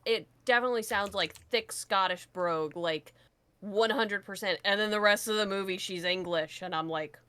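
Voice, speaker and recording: A woman's voice: mid-range voice, normal speed, clear, resonant tone, no echo. A woman co-hosting a casual movie review chat, swearing freely and acting out her own reactions. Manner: swears casually, animated retellings. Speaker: podcast co-host.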